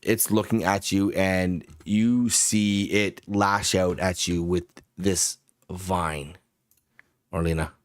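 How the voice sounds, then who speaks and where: A man narrating as game master of a tabletop game, unhurried and descriptive, with frequent ums. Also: low voice, steady tone, no room sound, clean studio sound.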